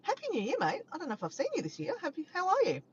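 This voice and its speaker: A woman's voice: high-pitched, huge pitch swings, racing. Aussie woman chatting away to her live chat, really bouncy up and down voice, kinda muffled sound. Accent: Australian. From Australia. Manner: chatty and friendly, breaks into bits of song. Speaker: vlogger chatting with live viewers. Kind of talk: casual live-stream chat. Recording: dull lo-fi sound with faint background noise.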